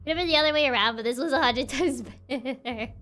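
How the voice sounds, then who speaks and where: High, bright, giggly woman streamer. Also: fast talker, faint music behind. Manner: giggly, playful. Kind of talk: casual game commentary.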